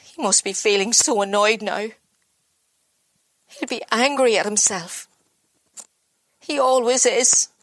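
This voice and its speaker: An actress playing an exhausted, abused mother who blames herself, speaking in a halting, broken inner monologue. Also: a little high, no room sound. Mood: distraught. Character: exhausted, self-blaming abused mother, worn down. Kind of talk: dramatic monologue.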